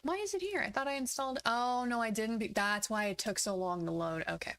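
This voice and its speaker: A woman's voice: fairly high pitch, a little fast, a bit bright. Blunt, swearing woman streamer. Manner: frank, blunt, swears freely. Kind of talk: casual chat on a gaming livestream.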